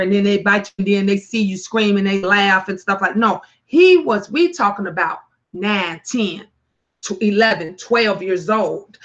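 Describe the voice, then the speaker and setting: A blunt, emphatic woman hosts a live talk stream in a slightly high voice. She answers viewer comments and often jumps up loudly, with plain swearing. The audio is dull and lo-fi. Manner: emphatic and blunt, swears, sudden loud rises. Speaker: talk show host reading viewer comments.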